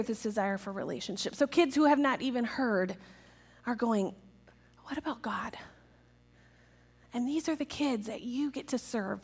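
Speaking to a church crowd about children's ministry, a woman gives a playful, energetic talk and acts out quotes in a raised voice. Her voice sits high.

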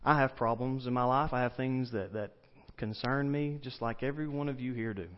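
A man's voice: medium pitch, fairly even intonation, fairly quick, a little hiss or hum. A pastor with an East Tennessee Southern accent, preaching a casual, story-driven sermon and putting questions to his congregation. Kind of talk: conversational sermon. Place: church sanctuary. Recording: dull lo-fi church recording.

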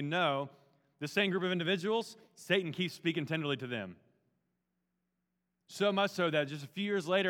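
Pastor guy with a pretty high voice, punchy casual preaching, big echoey hall sound. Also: pushed and bright. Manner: casual, emphatic preaching with everyday slang. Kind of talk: sermon. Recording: long reverb of a large hall.

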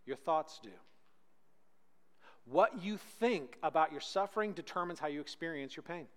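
A man preaching a sermon as pastor, swinging between loud emphatic peaks and hushed, slow lines. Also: on the high side, animated, in a large hall.

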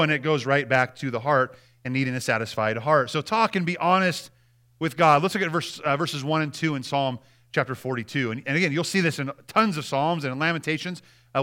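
A man's voice: fairly high pitch, pushed and bright. A man preaching a sermon as pastor, talking to the congregation in a conversational way, often checking in with them and repeating his words. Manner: repeats words and restarts phrases.

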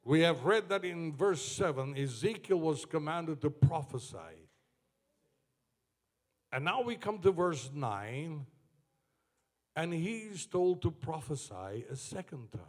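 A man preaching a sermon to his church, moving from slow, low passages up to shouted climaxes. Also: very animated.

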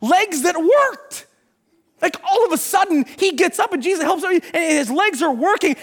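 A middle-aged male pastor preaching an animated sermon, acting out Bible scenes and sometimes shouting. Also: very high voice, moderate pace, a faint crowd, a little hiss or hum.

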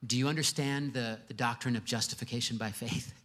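A man's voice: medium pitch, steady tone, brisk, fairly bright tone, close to an everyday voice. A man voicing a casual, skeptical gatekeeper angel who questions a newcomer. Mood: questioning.

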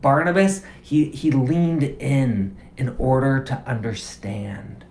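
A man with a mid-range, slightly mellow voice preaches slowly but with plenty of animation. As pastor, he stays conversational and casual, repeating phrases to press his points. The sound echoes around the room.

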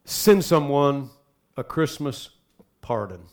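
A man preaching a sermon as pastor, dropping to soft asides and then climbing into loud, urgent exhortation. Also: mid-range voice, animated, slow pace.

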